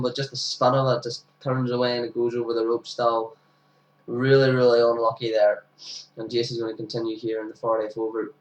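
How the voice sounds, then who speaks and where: Man, young, amateur cricket commentary, sniffly with hay fever, chatty and excitable, roomy echo, off-mic. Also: mid-range voice, quick pace. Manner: chatty and relaxed, bursting into excited shouts at big moments. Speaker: amateur cricket commentator for his own club. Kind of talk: casual match commentary over highlights. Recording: roomy sound, distant from the mic.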